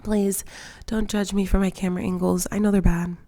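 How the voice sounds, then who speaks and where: A woman's voice: mid-range voice, level tone, brisk, dark tone. A woman in her twenties talking casually over game footage, self-conscious and filler-heavy, a little emotional. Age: 20s. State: emotional, near tears. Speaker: Sims gaming vlogger.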